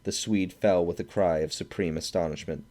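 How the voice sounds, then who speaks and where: Male audiobook narrator, very low voice, measured and steady. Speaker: audiobook reader.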